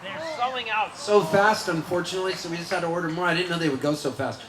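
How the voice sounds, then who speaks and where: A man's voice: high-pitched, fast, a bit bright, slight background noise. A man performing live on stage, chatting with the crowd between songs in a goofy, rambling, self-mocking way, often laughing. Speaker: singer-songwriter performing live. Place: winery concert venue, live audience. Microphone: stage vocal microphone. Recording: roomy live concert with guitar.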